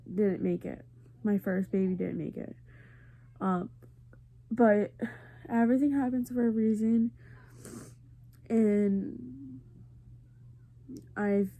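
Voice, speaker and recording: A woman's voice: medium pitch, vocal fry, mellow. A tired, congested woman talking earnestly and confidingly to her camera in a casual personal vlog. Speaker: family vlogger.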